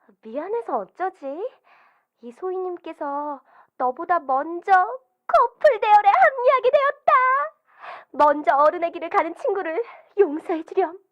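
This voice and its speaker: An actress playing an excitable teenage girl in a game, bursting with excitement and nearly shouting, heard through a dull phone-call sound. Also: extremely high pitch, rapid-fire. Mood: giddy. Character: bubbly excitable teenage girl, best friend. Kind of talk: voiced game dialogue.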